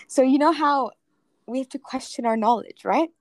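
A teenage girl with an American accent co-hosts a loose, joking podcast chat. Her voice sits a little high and sounds dry and close, with no room around it. She rambles quickly from one aside to the next. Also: dry recording. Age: teens. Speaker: podcast co-host. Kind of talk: casual chat.

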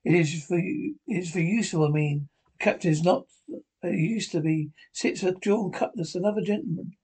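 Frightened young boy, voiced by a man: nervous, halting pleas, high husky tone. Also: darkish tone.

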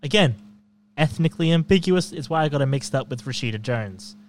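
A man chatting casually about films and comedians, opinionated and quick to laugh. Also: on the high side, expressive.

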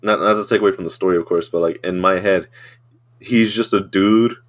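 A man's voice: low voice, steady tone, brisk. A man chatting casually among friends, hesitant and repeating himself. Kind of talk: casual chat.

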